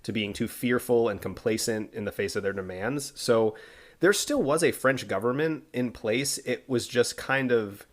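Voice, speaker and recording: A man co-hosting a podcast, telling a history story in a relaxed way with asides and fillers. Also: medium pitch, normal speed. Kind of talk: casual history podcast narration.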